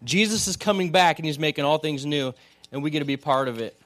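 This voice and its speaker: A man with a fairly high voice preaches a sermon in a relaxed, conversational way. He keeps turning to the congregation with questions. The sound is dry and close, with little room echo. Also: fast. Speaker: pastor. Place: church hall.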